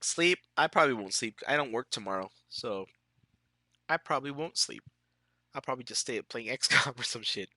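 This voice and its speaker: A man's voice: medium pitch, lively intonation, brisk, bright, forceful tone, no room sound, studio quality. A man with a stuffy, sick-sounding nose chatting casually with his viewers while streaming a game, laid-back and laughing often. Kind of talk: casual live-stream chat.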